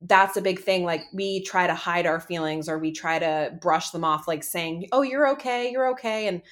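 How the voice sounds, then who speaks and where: A woman's voice: lowish voice, level tone, moderate pace, a bit bright. A woman in her thirties hosting a casual parenting podcast, chatty with many fillers and restarts. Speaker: podcast host.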